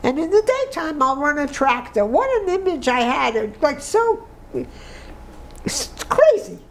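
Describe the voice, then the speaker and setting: A woman's voice: high voice, big pitch swings, a little slow, slight background noise, rough recording. A woman in her nineties giving an oral history interview, emotional and tearful, reminiscing with restarts. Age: 90s. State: crying.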